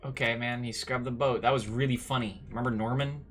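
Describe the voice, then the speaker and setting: A man streaming a game with casual, sarcastic commentary that breaks into loud bursts of excitement. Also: mid-range voice, brisk, background noise.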